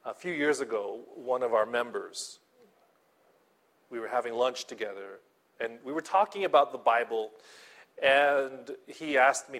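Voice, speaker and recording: A man's voice: medium pitch, measured pace, fairly bright tone. A male pastor preaching a sermon in a conversational way, often checking in with his listeners and repeating himself as he talks. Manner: conversational, checks in with "okay?" and "right?"; repeats and restarts words, laughs lightly.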